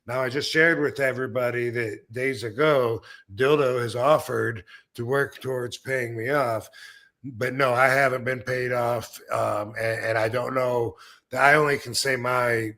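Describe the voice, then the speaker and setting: Male stream host, mid-pitched, talking loosely and bluntly with crude humor and lots of filler. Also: steady tone, unhurried, sharp tone. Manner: rambling and blunt, with crude jokes and many fillers. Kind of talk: casual live-stream chat.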